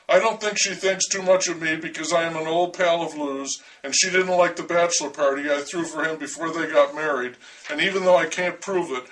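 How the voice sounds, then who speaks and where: A man reads a first-person story aloud with dry, wry humor. His voice sits a little high for a man. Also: fairly bright tone, distant mic, poor audio.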